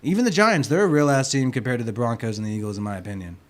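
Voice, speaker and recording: A man hosting a casual sports livestream, rowdy and profane, swinging from loud to soft, with a sore throat. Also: medium pitch, racing. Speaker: livestream host.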